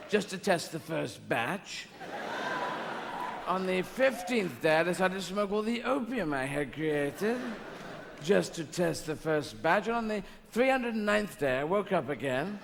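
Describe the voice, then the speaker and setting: A man's voice: high-pitched, big pitch swings, measured pace, vocal fry, noisy background, full character voice. A man doing God as a pompous old man. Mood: lofty. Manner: pompous and lofty, doing a famous actor's voice. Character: God the Father, grand, lazy, stoned old man. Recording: live theatre with hall reverb.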